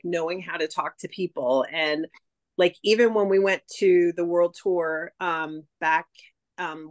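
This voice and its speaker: A woman talking casually as a direct sales consultant, giving sales advice in a chatty way full of "like" and "um". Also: low voice. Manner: chatty, heavy use of "like" and "um".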